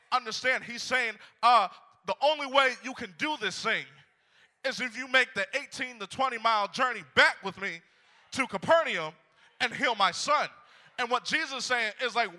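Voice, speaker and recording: In a large, reverberant church sanctuary, a male pastor with a very high, sharp voice preaches at normal speed, repeating phrases fervently and calling out to his congregation.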